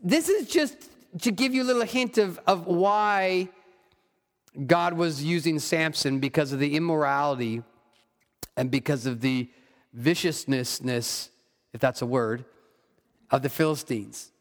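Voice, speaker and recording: A man's voice: a little high, a little slow, pauses often, in a large hall. A man preaching a sermon, reading scripture aloud and breaking off for wry asides. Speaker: pastor.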